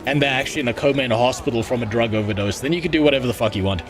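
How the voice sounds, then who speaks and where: A man's voice: medium pitch, very fast, music in the background. A man streaming a game, chatting casually, rambling and crude with a joking tone. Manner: rambling, crude, jokey, with frequent restarts. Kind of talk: casual gaming stream chat.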